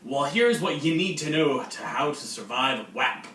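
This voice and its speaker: A young man playing a pompous know-it-all high school senior, loud and patronizing. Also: expressive, a little slow. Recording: roomy, distant mic, faint noise.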